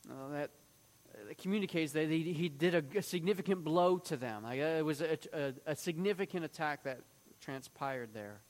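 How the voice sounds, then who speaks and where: A man's voice: fairly high pitch, normal speed, big-room sound. A man teaching through a Bible passage, reading it aloud and acting out the quoted lines in a raised voice.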